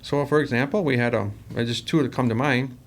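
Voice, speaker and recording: A man's voice: medium pitch, fairly even intonation, brisk. A man, a company president, telling workplace stories in a rambling, casual interview style and acting out the quoted dialogue. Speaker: company president, podcast guest.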